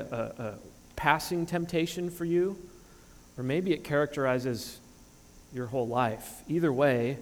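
A man's voice: on the high side, in a large hall. A man in his thirties preaching a sermon as pastor, earnest and emphatic, often restarting phrases. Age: 30s. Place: church sanctuary.

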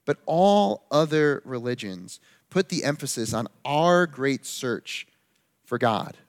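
A man preaching a sermon in an earnest, emphatic way, slowing down to stress key phrases. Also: medium pitch.

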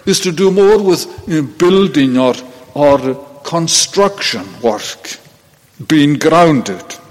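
A man preaching a sermon in church, measured and deliberate, with occasional restarts. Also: a little high. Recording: long reverb of a large hall.

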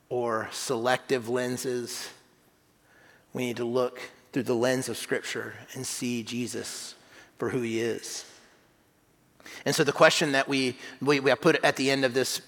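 Man, preacher, sermon, earnest, asks "right?" a lot, loud bursts then hushed lines, long church reverb. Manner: earnest, repeats words and often checks in with "right?"; swings from loud emphatic exclamations to hushed low phrases. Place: church sanctuary.

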